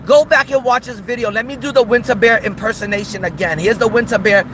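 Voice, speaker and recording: A man's voice: extremely high pitch, quick pace, noisy background. A man hosting a livestream, ranting in a taunting, mocking, repetitive way. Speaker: streamer host. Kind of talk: livestream rant.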